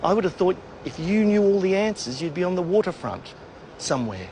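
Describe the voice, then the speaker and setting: A man's voice: high-pitched, big pitch swings, a little fast, warm tone. A male reporter on a street corner putting pointed, sarcastic questions to someone. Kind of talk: confrontational street interview. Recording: street recording with traffic noise.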